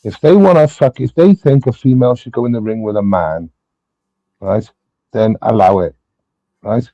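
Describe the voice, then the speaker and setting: A British man arguing hot topics on a livestream panel, stammering and repeating himself before he lands his point, swearing freely. His voice is dark and mellow. The sound is dry and a little dull, like a lo-fi stream mic. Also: fairly low pitch, normal speed, no room sound. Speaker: panel host. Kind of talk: heated casual debate.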